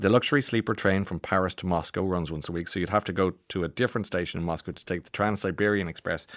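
A man's voice: sits low, a bit bright, no echo, clean studio sound. A man hosting a radio show, chatting through the day's stories in a rambling, jokey way. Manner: rambling, jokey, restarts often. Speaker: radio host. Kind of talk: chatty radio news commentary.

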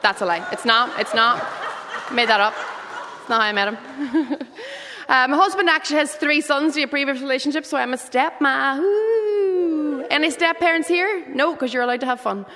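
A woman in her thirties with a Derry accent, delivering a lively stand-up comedy set. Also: high voice, moderate pace, long reverb tail, slight background noise. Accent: Northern Irish (Derry). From Northern Ireland. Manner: lively, punchy joke delivery. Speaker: comedian guest.

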